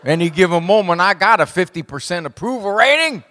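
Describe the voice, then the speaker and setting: Middle-aged male speaker, fairly high voice, dry punchy humor, live talk in an echoing hall. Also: fairly quick. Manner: wry, punchy, deadpan jokes. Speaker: psychologist speaking to an audience. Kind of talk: humorous speech to a live audience. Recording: long hall reverb.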